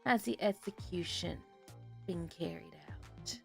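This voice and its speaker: A woman voicing a calm, sinister male kidnapper on the phone, speaking low and measured while reading game dialogue aloud. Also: creaky, faint music behind. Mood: cold. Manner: low, hushed and measured menace.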